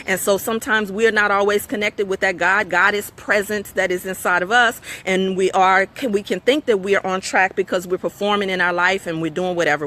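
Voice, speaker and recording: Middle-aged woman, host of a live motivational stream; bright tone, conversational and sermon-like, checks in with the audience. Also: mid-range voice. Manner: conversational, preachy, asks audience for agreement.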